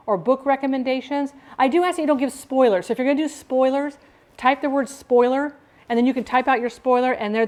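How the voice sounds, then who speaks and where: A woman's voice: fairly high pitch, a little mellow. Chatty, upbeat middle-aged woman streamer. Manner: chatty, upbeat, laughs often. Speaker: live streamer. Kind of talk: casual live-stream chat.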